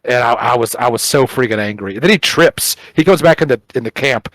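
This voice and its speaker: A middle-aged man co-hosting a chat show, telling an animated story, acting out quotes and swearing casually. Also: medium pitch, a little fast, dry recording, low-quality recording. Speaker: podcast co-host.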